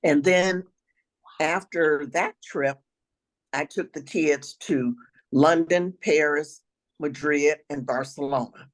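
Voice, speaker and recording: An older woman with a raspy voice, a retired teacher telling travel stories as an interview guest, now and then clearing her throat. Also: sits low, slow, rough recording. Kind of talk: storytelling interview answers.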